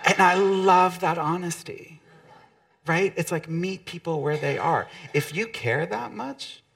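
Gravelly man giving a motivational talk. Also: a little high. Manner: conversational, with acted-out quotes.

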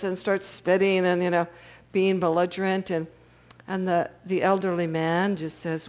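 A woman's voice: on the low side, flat delivery, normal speed, darkish tone. A woman giving a storytelling talk as a spiritual teacher, often checking in with her listeners.

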